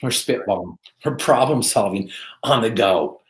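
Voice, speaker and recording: A man's voice: on the low side, normal speed, fairly bright tone. A man guest telling a personal story in an earnest, emphatic way. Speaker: podcast guest. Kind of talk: motivational storytelling. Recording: roomy echo.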